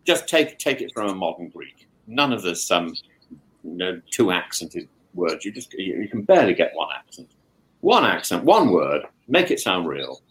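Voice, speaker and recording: A man chatting as a guest, talking with many stammering restarts and animated opinions. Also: low voice, normal speed. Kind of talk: casual discussion.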